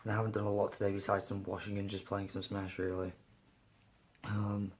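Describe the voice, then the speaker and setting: A young man with a cold, sniffly and a bit hoarse, talking tiredly through a casual daily vlog with lots of fillers. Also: lowish voice, monotone, fairly quick, slight background noise. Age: young adult. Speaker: vlogger.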